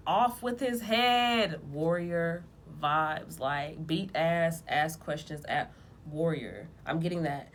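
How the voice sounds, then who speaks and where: A woman giving a casual tarot reading, talking bluntly in lively slang with plenty of profanity. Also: low-pitched, slight background noise. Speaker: tarot reader.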